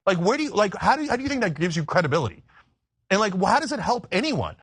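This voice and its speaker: A man making political commentary in a played clip, arguing forcefully. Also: high voice, big pitch swings, very fast, slightly rough, no room sound. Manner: forceful, argumentative.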